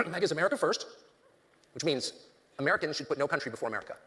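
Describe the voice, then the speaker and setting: A man's voice: a little high, lively intonation, rapid-fire, big-room sound, very noisy. A man in his fifties giving a political speech to students, emphatic and rambling, with many ums and restarts.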